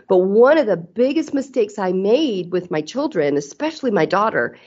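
Middle-aged woman guest, candid and earnest, mid-pitched, slightly dull recording. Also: darkish tone, breathy edge. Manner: earnest, candid, frequent restarts. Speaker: podcast guest. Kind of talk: casual interview chat. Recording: slightly muffled audio.

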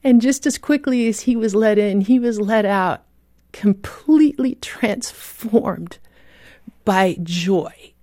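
A woman's voice: mid-range voice, slow, no room sound. Woman guest author, heartfelt vivid storyteller, mid-range voice, dry studio sound. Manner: vivid, heartfelt storyteller, drops to a hush at moving moments. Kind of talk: emotional storytelling in a radio interview.

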